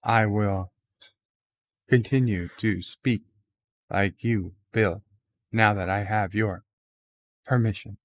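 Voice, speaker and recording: A man's voice: lowish voice, fairly even intonation, takes it slowly, long pauses, no room sound. A man hosting a livestream, casually reading viewer comments aloud with many filler uhs. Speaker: livestream host.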